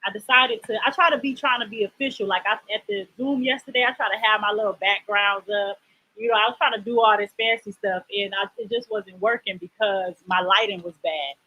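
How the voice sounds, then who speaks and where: A woman's voice: mid-range voice, a little fast, dull audio. A woman from Illinois hosting a casual live stream with clients over a laptop video call, chatty and playful with folksy slang. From Illinois, USA. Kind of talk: casual livestream chat. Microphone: laptop mic on a video call.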